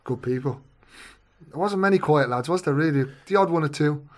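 A man's voice: fairly high pitch, a little hiss or hum. A man, a former footballer, chatting as a guest on a podcast in an easygoing way. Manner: easygoing, quick talker. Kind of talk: casual chat.

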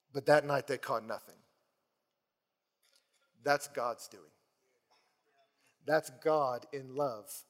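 A man preaching a sermon, telling stories in an animated, playful way and acting out the scenes. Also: a little high. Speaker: pastor. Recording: long hall reverb.

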